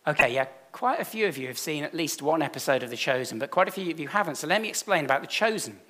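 Bright-voiced man preaching. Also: fairly high pitch, lively intonation, fast. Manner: chatty, self-deprecating storytelling with fillers. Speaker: church leader preaching. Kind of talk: sermon.

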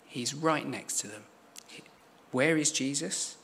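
A man preaching a sermon, measured and emphatic, repeating key phrases for weight. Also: mid-range voice, creaky, a bit bright, a little hiss or hum.

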